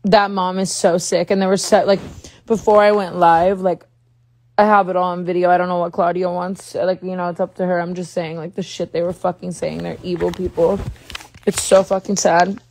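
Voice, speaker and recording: A woman's voice: on the low side, little pitch movement, moderate pace, darkish tone, no echo. A woman talking on a phone livestream, agitated and rambling, swearing often. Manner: agitated, swears a lot, rambling with many likes. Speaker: social media livestreamer. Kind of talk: casual livestream talk.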